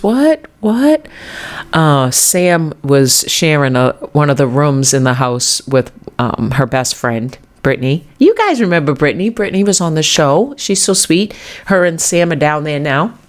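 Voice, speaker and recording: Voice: mid-range voice, lively intonation, moderate pace. A podcast host with a New England accent, telling a story in a wandering, self-correcting way and chuckling often. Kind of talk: rambling casual storytelling.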